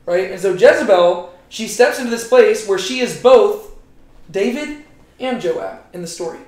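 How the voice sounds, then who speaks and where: A man teaching a Bible study group in a casual, animated way, peppering his talk with "like" and "right?". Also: high voice, normal speed. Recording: roomy echo.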